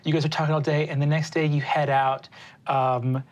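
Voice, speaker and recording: Low-voiced woman running a tabletop game; hesitant, filler-heavy narration. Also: little pitch movement, a little mellow. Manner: halting, full of fillers. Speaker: game master.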